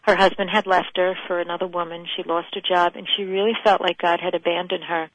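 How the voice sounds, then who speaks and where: A woman's voice: fairly low pitch, little pitch movement, fast talker, fairly bright tone, dry recording, rough recording. A middle-aged woman, a guest author, earnestly telling a personal faith story in conversation.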